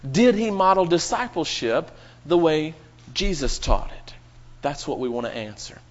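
A man's voice: a little high, sing-song, normal speed, dull audio. A man preaching a sermon to his congregation, with dramatic rising and falling emphasis.

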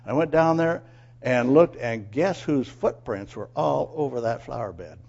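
Animated man telling a moral story. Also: medium pitch, unhurried, creaky, dull audio. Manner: animated, asks listeners questions, acts out quotes. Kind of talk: storytelling sermon.

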